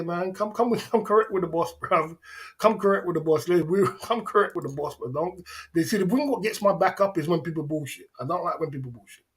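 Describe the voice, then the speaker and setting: Livestream host, man, mocking and insistent, a touch high in pitch. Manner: taunting, repetitive, laughs often. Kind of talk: livestream rant at chat.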